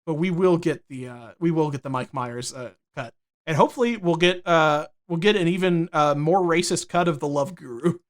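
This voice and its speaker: Young male podcast co-host, high voice, rambling and profane banter. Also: normal speed. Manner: rambling, profane, jokey with filler restarts. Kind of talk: casual chat.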